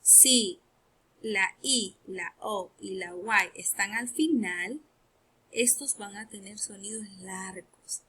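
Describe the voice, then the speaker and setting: A woman teaching a phonics lesson to first graders, moving between English and Spanish. She speaks slowly and deliberately, repeating each word three times. Her voice is bright with a slightly husky edge. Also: mid-range voice. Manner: explains rules patiently, checking with "okay?".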